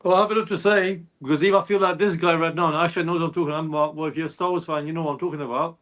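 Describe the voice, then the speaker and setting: A man's voice: fairly high pitch, fairly even intonation, rapid-fire, a bit bright. A man talking as a football fan panelist, earnest and frustrated, rambling through his points. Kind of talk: passionate football fan chat.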